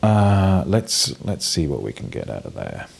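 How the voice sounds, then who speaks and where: Very deep, gravelly British man gaming. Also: wildly swooping pitch, a little slow, darkish tone. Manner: wry, playful, with many fillers and restarts. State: has a cold, coughing and sneezing. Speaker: game streamer. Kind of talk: casual gameplay commentary.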